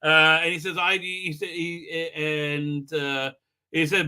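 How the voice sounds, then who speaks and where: A man's voice: a little high, steady tone, a little slow, sharp tone, clear, resonant tone. A man hosting a live stream, recapping an episode in a rambling, sarcastic way, full of fillers, mocking the characters as he goes. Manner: rambling, sarcastic, mimics characters mid-sentence; many fillers. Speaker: host.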